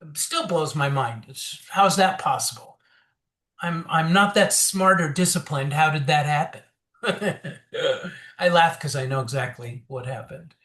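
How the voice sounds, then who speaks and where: A man candidly telling his personal recovery story as an interview guest, animated and acting out quotes, with many fillers and restarts. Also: a little high, a little slow.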